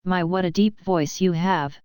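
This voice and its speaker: A woman's voice: fairly low pitch, measured pace, a little mellow, clean tone, dry recording, natural voice. A woman reading the lines of a trusting little girl in a children's storybook. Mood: innocent.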